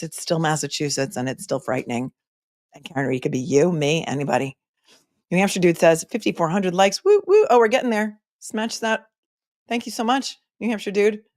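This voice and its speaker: Her voice sits lowish, captured dry at studio quality. A middle-aged woman running a relaxed live stream, she reads out viewer comments, adding snarky remarks and chatting on with frequent hesitations and fillers.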